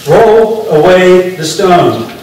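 A patient male teacher insists slowly on a challenge, as a preacher speaks him. The voice sits in a heavily reverberant church, heard from a distance. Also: fairly high pitch, expressive, a little hiss or hum, natural voice. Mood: insistent. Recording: echoey church from far off.

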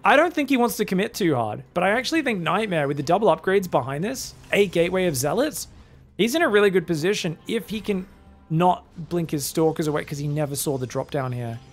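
A man's voice: high voice, big pitch swings, brisk, soft background music. A man with an Australian accent doing solo esports commentary, chatty and joking with teasing asides. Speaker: esports caster.

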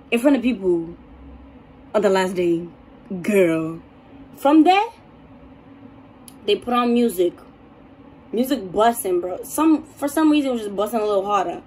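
A young woman vlogger telling a story in a casual, animated and dramatic way. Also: mid-range voice, measured pace, pauses often, a little hiss or hum.

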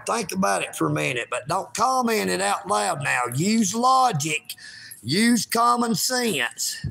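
A man in his fifties with a strikingly high, gravelly voice that has a sharp, bright edge. He rambles slowly through a live stream between drags on a cigarette, and every so often he breaks into a shout. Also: a little hiss or hum. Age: 50s. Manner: slow, drawn-out, breaks into shouting; smoking while talking. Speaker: livestream host.

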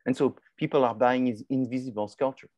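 A man's voice: medium pitch, fairly even intonation, a little fast, a little mellow, no room sound. A male marketing professor giving a conversational class lecture, asking and answering his own questions.

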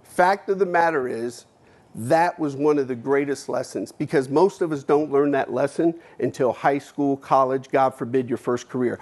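Male keynote speaker, mid-range voice, blunt and candid, dynamic storytelling with loud and hushed turns. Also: medium pitch, normal speed. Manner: blunt, candid, swears freely, shifts between loud and hushed. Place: lecture hall.

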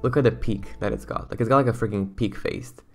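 A young man giving excitable, slangy, rambling commentary on a video game as its YouTuber host. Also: on the low side, fairly quick, faint music behind. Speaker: gaming YouTuber. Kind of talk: casual gameplay commentary.

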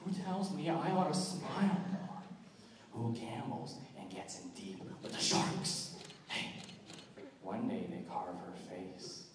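A young man voicing a menacing, unhinged scarred male villain with a hoarse, sneering voice and wild laughs, heard from far off in an echoey hall with a crowd. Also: on the low side, very animated, slow pace, background noise, pitched below the performer's own voice.

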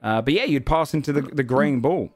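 A man's voice: medium pitch, expressive, fairly quick, a little mellow, no echo, faint music behind. Man narrating a tabletop game, hesitant. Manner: rambling with many fillers. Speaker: game master.

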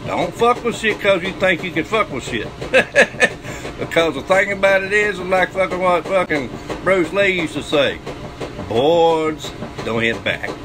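A man's voice: high voice, animated, moderate pace, rough recording. Profane Southern man spinning a yarn. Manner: profane, boastful, laughs often. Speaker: channel host telling a story. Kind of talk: crude storytelling monologue.

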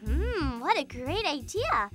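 A cheeky young turtle girl chatters in a very high, bouncy voice. She teases her friends with quick jokes. Children's music runs under her lines. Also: sing-song, fairly bright tone, heavily acted. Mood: chatty. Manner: cheeky, teasing, quick to joke. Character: bossy cheerful young female turtle. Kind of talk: dubbed cartoon acting.

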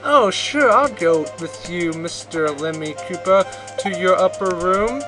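A man's voice: sits high, lively intonation, unhurried, over music. A man doing a chirpy, gullible visitor.

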